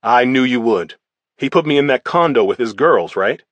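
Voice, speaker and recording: A man's voice: mid-range voice, lively intonation, moderate pace, no echo, natural voice. A man voicing a smug male crime writer suspected of murder, sneering and snarling his denials.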